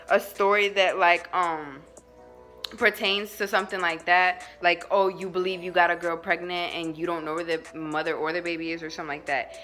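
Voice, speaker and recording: A young woman spins a casual storytime vlog with a bright, forceful voice. Her telling is animated and slangy, and laughs keep breaking through. Her pitch sits in the middle for a woman. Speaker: vlogger.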